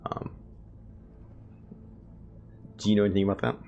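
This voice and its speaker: A man's voice: fairly low pitch, completely flat delivery, normal speed, muffled recording, slight background noise. A man casually commentating a game he plays, chatty and thinking aloud to his viewers. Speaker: gameplay video host. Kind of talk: casual let's play commentary. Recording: game music playing behind.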